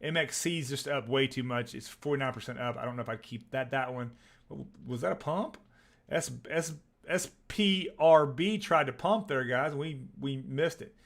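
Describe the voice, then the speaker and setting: A man's voice: medium pitch, normal speed. A man hosting a live stock trading stream, chatting loosely and repeating words as he goes, with his voice starting to give out. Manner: rambling, repeats words, upbeat sign-off. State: losing his voice. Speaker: livestream stock trading host.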